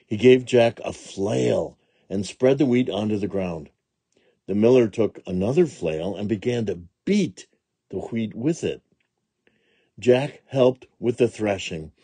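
A man with a low, mellow and slightly husky voice reads a children's storybook aloud. He goes slowly, with a lively, rising and falling melody. The sound is dry and close to the mic. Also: no echo. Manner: slow, gentle and expressive. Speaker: storybook reader.

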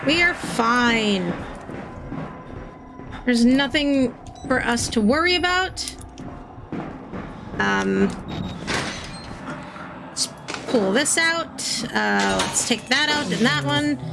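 A woman's voice: high-pitched, lively intonation, very slow, vocal fry, pauses often, music in the background. A woman commenting on a horror game as she plays, yelping and talking herself through the scares. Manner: jumpy, yelps and talks herself through scares. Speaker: gaming streamer.

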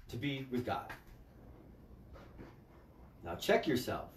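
A man's voice: medium pitch, huge pitch swings, measured pace, pauses often. A man leading a spiritual group on a livestream, talking in a profane, scolding way. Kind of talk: livestream talk. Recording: echoey room, mic at a distance.

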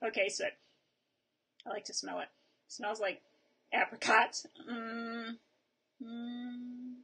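A woman's voice: on the high side, fairly even intonation, takes it slowly, sharp tone, slightly rough. A woman hosting a casual video review of a snack, chatting while she tastes and chews on camera. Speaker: vlog host reviewing snacks.

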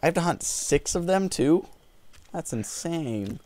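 A man giving jokey, rambling let's-play commentary on a video game, with sudden whoops and yells. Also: on the high side, animated, measured pace. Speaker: gaming video host.

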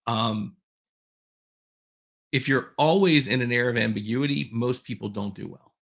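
A man's voice: medium pitch, a little fast, vocal fry, a bit bright. A man hosting a podcast alone, talking candidly in a casual, self-deprecating way, with rambling asides. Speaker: podcast host. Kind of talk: casual solo podcast talk.

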